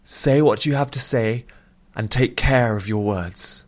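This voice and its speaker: A man's voice: medium pitch, a little slow, lightly acted. A man reading an audiobook and voicing a stern, guarded middle-aged queen mother, with clipped, commanding lines held under tight restraint. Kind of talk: audiobook character voice.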